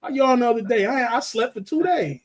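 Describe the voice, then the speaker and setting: A man co-hosting a sports podcast, talking in loose, joking banter and telling animated stories. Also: very high voice, brisk. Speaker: podcast co-host.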